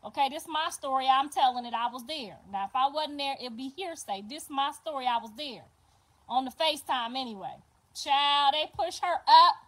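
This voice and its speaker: An older woman with a high-pitched voice spins a story for her livestream viewers. She is animated and profane, repeating points for emphasis. Her talk is loose and casual. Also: normal speed. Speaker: livestream host.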